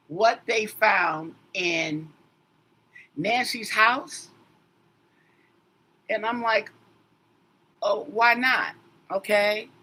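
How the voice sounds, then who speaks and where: A husky woman's voice with a strikingly bright edge, chatting casually as a tarot reader on a livestream. Her pitch swings widely as she rambles and answers commenters directly, getting emphatic as she goes. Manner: rambling, talks straight to commenters.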